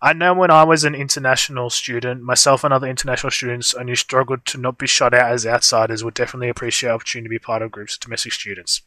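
A man's voice: medium pitch, fairly even intonation, very fast, few pauses, sharp tone, no echo. A young man, co-hosting a livestream and telling a long story in casual chat full of fillers. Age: young adult. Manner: rambling storytelling with frequent fillers. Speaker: livestream co-host.

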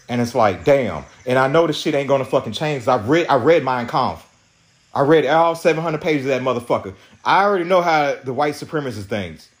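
A young man hosting a podcast, telling an angry story in a profane, agitated rant with many restarts. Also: medium pitch. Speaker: podcast host.

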